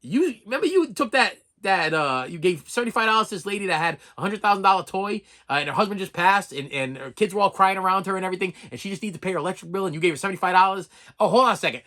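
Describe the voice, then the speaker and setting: A man's voice: sits high, lively intonation, racing, few pauses, pushed and bright. A man voicing God as a stern, outraged judge who scolds a cheat emphatically. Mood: scolding.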